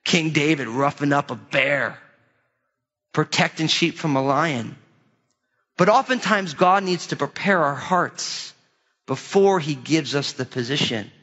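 A middle-aged man preaching a sermon, telling a story in an animated way and acting out the voices of its characters. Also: on the high side, a little slow, in a large hall, highs cut off. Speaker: pastor.

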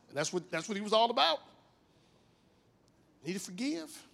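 Animated fifty-year-old man preaching. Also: normal speed, gravelly. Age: 50s. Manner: animated storytelling with wide swings in pitch and volume. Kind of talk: sermon.

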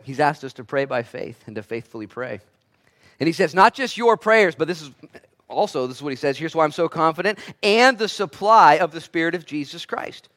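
A man preaching a sermon as pastor, swinging between quiet and loud delivery and acting out the voices he quotes. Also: a little high.

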